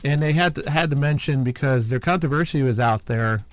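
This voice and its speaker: A podcast host with a medium-pitched voice talks a little fast in a casual, rambling chat. He hesitates a lot, fills gaps with fillers and chuckles frequently.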